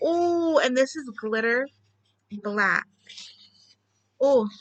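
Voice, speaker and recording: A woman chatting casually at home about her newest craft supplies, gushing excitedly and rambling with restarts. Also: high voice, extremely slow, dry recording, poor audio. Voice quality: bubbly, chatty. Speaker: craft vlogger. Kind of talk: casual chat.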